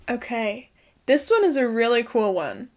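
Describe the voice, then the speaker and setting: A young woman vlogging from home in a loose, chatty way. Her voice sits a little high, and she swears casually and laughs often between thoughts. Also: big pitch swings, a little slow. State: out of breath. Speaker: spiritual lifestyle vlogger. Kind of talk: casual chat to camera.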